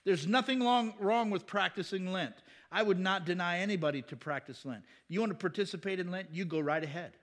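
A man's voice: high-pitched, a little fast, hardly any pauses, a bit bright. A man, a pastor, teaching the Bible in a casual, conversational way, asking rhetorical questions and chuckling.

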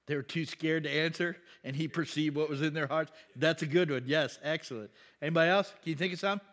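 A man preaching a conversational sermon, asking the congregation questions and breaking into loud, emphatic bursts. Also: fairly high pitch, a little fast. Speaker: pastor.

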